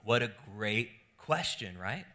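A young adult man, a pastor preaching a sermon with animated, playful storytelling. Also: on the low side, slow.

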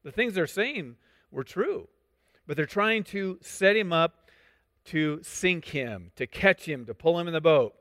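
A man preaching a sermon, explaining scripture in a conversational way with asides, quick restarts and questions to the congregation. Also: a little high, animated, fairly bright tone, no echo, clean studio sound, big-room sound. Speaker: pastor. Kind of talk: sermon teaching.

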